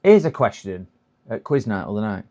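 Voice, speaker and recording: Male livestream host, casual rambling chat, voice going hoarse. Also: fairly low pitch, sing-song, normal speed, dark tone, muffled recording. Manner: chatty, rambling, laughs at his own jokes. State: voice going hoarse, clearing throat. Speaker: livestream host repairing computers. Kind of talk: casual live-stream chat.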